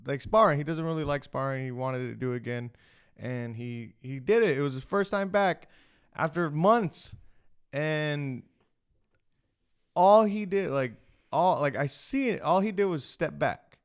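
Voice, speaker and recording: A man's voice: a little high, measured pace, smooth. A man co-hosting a casual podcast chat, telling a story in a rambling way full of restarts. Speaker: podcast co-host.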